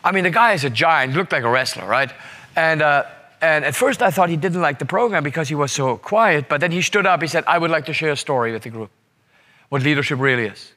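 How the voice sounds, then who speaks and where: A male seminar presenter tells a leadership story in an emphatic, repetitive manner, often tossing "right?" to the audience. His voice sits slightly high and rings bright and forceful. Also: lively intonation, brisk. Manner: emphatic, repeats words and asks "right?". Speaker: leadership speaker.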